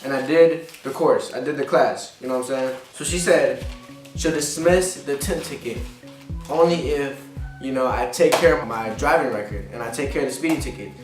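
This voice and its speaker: A man's voice: mid-range voice, normal speed. A man ranting casually in a vlog, venting with frustration and lots of profanity, going over the same points again and again. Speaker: vlogger. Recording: echoey room, distant mic, faint music.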